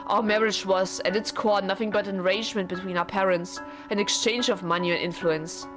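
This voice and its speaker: A woman's voice: mid-range voice, fairly even intonation, brisk, natural voice. A woman reading the lines of a lovesick, formal young husband from a visual novel, earnest and pleading, with game music behind her. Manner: formal, pleading dialogue read aloud.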